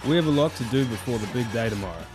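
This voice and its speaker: A man's voice: mid-range voice, lively intonation, rapid-fire, music in the background, close to an everyday voice. A man playing a brash Aussie bloke. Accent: Australian. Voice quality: broad, blokey, swears casually. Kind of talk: short film comedy acting.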